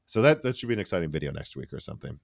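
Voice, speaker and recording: Low-voiced man hosting a tech podcast. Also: racing, gravelly, dry recording, studio quality. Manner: animated, rambling with restarts and asides. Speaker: podcast host. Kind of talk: casual tech podcast chat.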